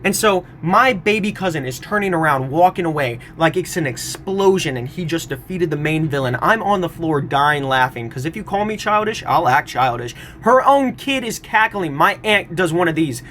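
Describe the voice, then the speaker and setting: A man's voice: on the high side, lively intonation, moderate pace, few pauses, fairly bright tone, a little hiss or hum. A man in his twenties telling a funny family story to his phone camera in a playful, theatrical way, acting out the other people in it. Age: 20s.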